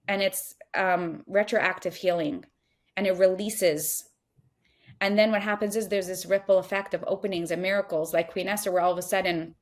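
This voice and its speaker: Earnest woman giving spiritual coaching talk. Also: mid-range voice. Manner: earnest, acts out inner voices in quotes. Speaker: guest speaker.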